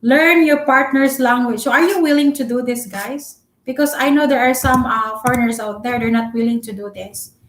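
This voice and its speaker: A young Filipino-accented woman, a Cebuano speaker, giving relationship advice in a chatty, loud-spoken live-stream vlog full of fillers. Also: fairly high pitch, steady tone, brisk. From Philippines. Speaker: vlogger. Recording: echoey room.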